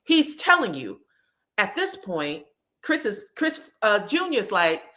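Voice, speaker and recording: A woman hosting a gossip recap, storytelling with sass and plenty of swearing. Her pitch swings widely, rising and falling through each line. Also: measured pace. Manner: animated, sassy, profane storytelling. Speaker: host. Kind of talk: reality TV recap commentary.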